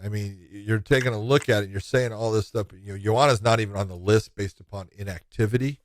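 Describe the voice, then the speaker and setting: A man co-hosting a sports podcast in casual chat, telling animated stories and laughing at himself. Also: lowish voice, brisk, slight background noise. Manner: animated storyteller, acts out quotes. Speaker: podcast co-host.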